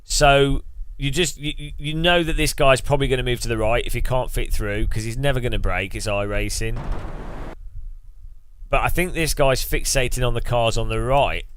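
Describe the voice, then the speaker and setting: A man's voice: medium pitch, fairly even intonation, normal speed, fairly bright tone, clean tone, no room sound. A man with a Midlands English accent, streaming live and commenting on a racing game in a chatty, joking way, often exclaiming.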